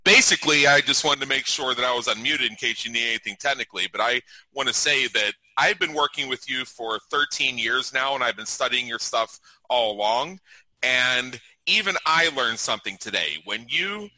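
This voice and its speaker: Sharp-voiced man chiming in earnestly. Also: medium pitch, normal speed, no echo, low-quality recording. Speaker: webinar participant and long-time student. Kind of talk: casual remarks on a video call.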